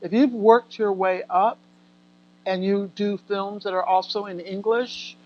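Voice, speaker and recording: An American actress talking casually as a guest in an interview, animated and laughing often as she acts out what people said. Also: mid-range voice, a little slow, muffled recording. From United States. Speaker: guest actor.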